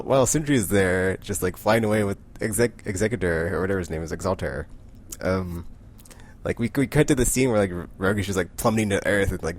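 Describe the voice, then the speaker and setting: A man casually recapping a comic book, rambling with lots of "like" and frequent self-corrections. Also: fairly low pitch.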